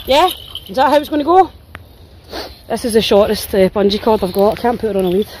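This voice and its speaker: A woman's voice: mid-range voice, lively intonation, quick pace, background noise. A Scottish woman walking her dogs and chatting to a phone, tired and sore, swearing and chattering as she goes. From Scotland. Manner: chatty, swearing, voicing her dogs' thoughts. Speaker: dog walker vlogger. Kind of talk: casual walking vlog. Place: outdoors in woods on a walk.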